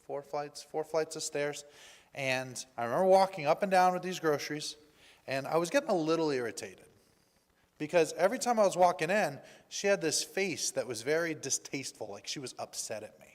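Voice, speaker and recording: A male pastor giving a personal testimony in a church, telling his story in an animated way and acting out the dialogue. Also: fairly high pitch, fairly quick. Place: church sanctuary. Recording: reverberant church hall.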